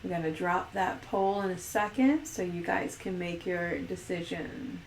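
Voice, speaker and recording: A woman's voice: fairly low pitch, steady tone, measured pace, reverberant, a little hiss or hum. A woman hosting a casual livestream chat, playful and giggly as she reads out poll questions. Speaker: host.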